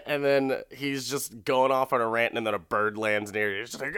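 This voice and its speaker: A man's voice: mid-range voice, moderate pace, bright, forceful tone, smooth, no echo. Guy recapping a tv episode, swears a lot, laughs a lot, dry close sound. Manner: laughs often, swears freely. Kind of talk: casual profane commentary.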